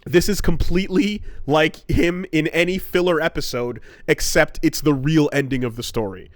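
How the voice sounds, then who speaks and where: A man's voice: a little high, normal speed, no room sound, clean studio sound. Profane, ranting man on a podcast. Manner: profane, rambling storytelling rant. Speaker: podcast co-host. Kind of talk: casual podcast chat.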